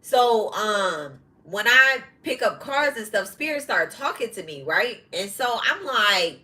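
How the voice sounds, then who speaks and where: A woman's voice: mid-range voice, expressive, a little slow, few pauses, pushed and bright, rough recording. A middle-aged woman hosting a podcast, telling a personal story in a frank, profane, casual way and breaking off to address viewers. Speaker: podcast host.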